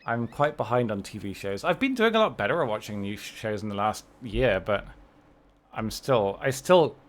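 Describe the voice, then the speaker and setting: Playing a game live on stream, a young adult man rambles wryly and casually, frequently restarting and correcting his sentences. He speaks at normal speed in a voice on the low side, with lively intonation and a bit of brightness.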